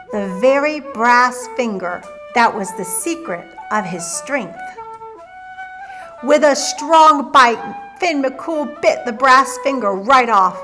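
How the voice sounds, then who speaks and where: A woman storyteller reads a folktale to children with lively expression. Her voice is bright and a touch high, and soft music plays faintly behind her.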